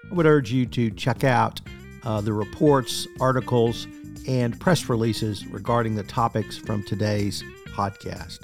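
A man, the podcast's host, reads a scripted outro and promo in a brisk, polished way. His voice sits at a mid pitch. Plucked guitar music plays clearly behind him.

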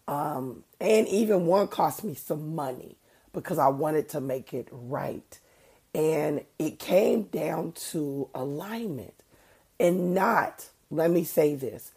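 Low husky woman, slow and gravelly. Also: darkish tone. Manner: earnest, conversational, preacher-like emphasis. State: congested from allergies. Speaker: podcast host. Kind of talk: faith-based podcast monologue.

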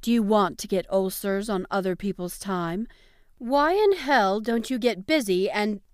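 Lady doing a dry no-nonsense young woman, kinda peevish, smooth voice. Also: medium pitch, lively intonation, a little slow, dry recording, natural voice. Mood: serious. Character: blunt serious young woman, impatient.

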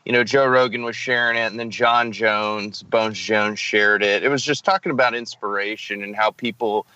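A man hosting a casual podcast, talking in an animated, rambling way with many fillers. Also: fairly low pitch, moderate pace, lo-fi sound.

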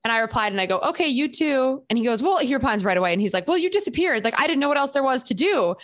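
A woman's voice: fairly high pitch, rapid-fire. A young woman hosting a podcast, chatting casually and telling emphatic stories with acted-out quotes. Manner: animated storyteller, acts out quotes, emphatic. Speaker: podcast host. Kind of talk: casual chat.

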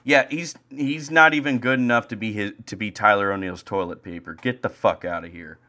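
A young man rants through a casual sports podcast, swearing freely and veering from loud outbursts to low, deflated mutters. His voice has a bright, sharp edge. He talks like a fed-up friend on a home mic. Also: a little fast. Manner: angry, profane, swings from loud ranting to low mutters. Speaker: podcast co-host. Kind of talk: profane ranting sports podcast chat. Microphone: home streaming mic.

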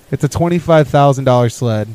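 A young man telling a winter trip story on a podcast in an everyday mid-pitched voice. He rambles casually and chuckles as he goes. His voice often trails off quietly at the ends of phrases. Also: normal speed, clear, resonant tone, poor audio. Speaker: podcast co-host.

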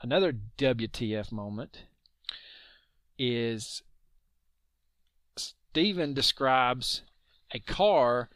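A man co-hosting a podcast, casually talking through a mystery case in an animated way and cursing now and then. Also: mid-range voice, no echo. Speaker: podcast co-host. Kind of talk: casual true-crime chat.

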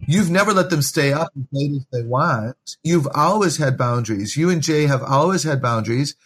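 A man's voice: a little high, animated, moderate pace, fairly bright tone, slightly rough. Earnest encouraging man giving parenting advice. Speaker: parenting author and guest. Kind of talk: conversational podcast interview.

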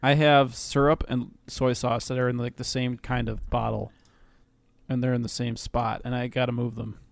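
A man's voice: mid-range voice, level tone, normal speed, gravelly, no echo. A man co-hosting a casual podcast chat, telling stories animatedly and laughing often. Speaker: podcast co-host.

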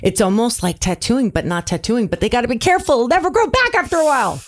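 A woman hosting a podcast, chatty and animated as she asks questions and tells stories. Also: a little high, quick pace. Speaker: podcast host. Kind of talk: casual podcast interview.

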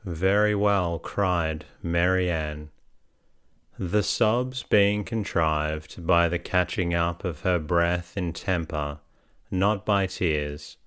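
A man reads a bedtime sleep story in a slow, soothing, even manner. His voice is very deep and smooth, and the recording is dry and close. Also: no echo. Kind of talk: calm bedtime story reading.

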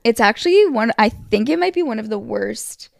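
A young woman co-hosting a podcast, chatting in a relaxed, agreeable way. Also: on the high side, normal speed, vocal fry, dry recording, clean studio sound. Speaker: podcast co-host. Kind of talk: casual chat.

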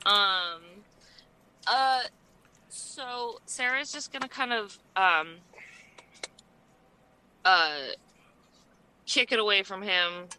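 A woman's voice: mid-range voice, sharp tone, slight background noise. A woman playing in a tabletop game, speaking hesitantly with many fillers. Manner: slow, hesitant, lots of ums. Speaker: player. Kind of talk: casual tabletop play.

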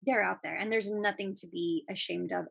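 A woman's voice: medium pitch, fairly even intonation, moderate pace, creaky, a bit bright, husky, no echo. A woman hosting a podcast interview, encouraging her guest and laughing often in casual chat. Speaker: podcast host.

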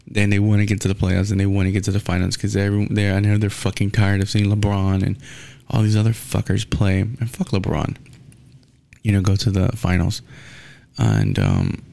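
A man from Houston vents about his teams in an unscripted rant. His voice sits low with a gravelly edge. He talks bluntly and swears often. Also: moderate pace, mellow, dry recording. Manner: blunt, angry, swears a lot. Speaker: sports fan ranting. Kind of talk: casual profane rant.

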